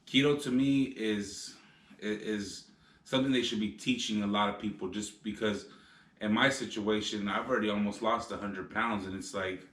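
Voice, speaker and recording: A man's voice: fairly low pitch, fairly even intonation, moderate pace, fairly bright tone, echoey room. A man co-hosting a casual vlog, rambling with lots of filler phrases as he talks. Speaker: vlog co-host. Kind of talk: casual chat.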